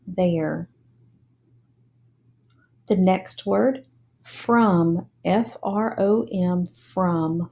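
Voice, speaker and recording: Slow, deliberate woman reading teacher. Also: medium pitch, dark tone. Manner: spells words letter by letter and sounds out syllables.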